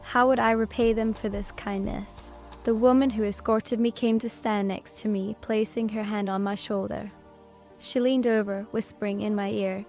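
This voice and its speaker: A woman narrates a fantasy story in the first person, steady and unhurried. Her pitch barely moves and sits mid-range, with soft music playing underneath. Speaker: audiobook narrator. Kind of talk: scripted narration. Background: soft background music.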